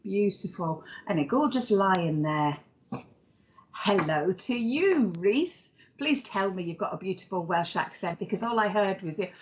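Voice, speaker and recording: A woman with a mid-range, expressive voice speaks unhurriedly over slight background noise. She's a psychic medium and regression therapist giving card readings on a live stream, chatting in a rambling, affectionate way and calling people darling.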